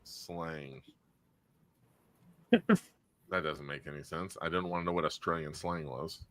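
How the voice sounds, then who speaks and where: A man's voice: a bass voice, normal speed, dry recording. A man hosting a podcast in casual chat, telling stories and swearing freely. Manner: animated, swears a lot, tells stories. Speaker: podcast host.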